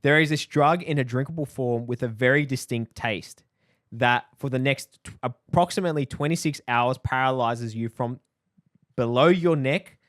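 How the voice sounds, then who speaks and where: A man's voice: medium pitch, normal speed, fairly bright tone, dry recording, studio quality. A man, laughing often as he co-hosts a casual podcast chat. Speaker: podcast co-host.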